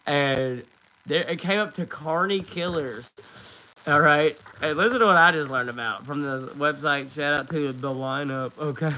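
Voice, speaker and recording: A man's voice: on the high side, unhurried, pushed and bright. A man hosting a livestream, chatting casually, swearing and laughing between rambling remarks. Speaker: livestream host.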